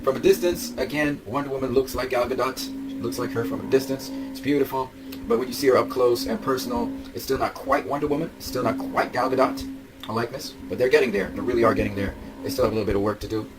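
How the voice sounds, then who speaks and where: In a low-quality recording, a young man with a mid-range voice gushes over collectible figures for his vlog. His excited commentary is full of repetition, laughter, and occasional shouts.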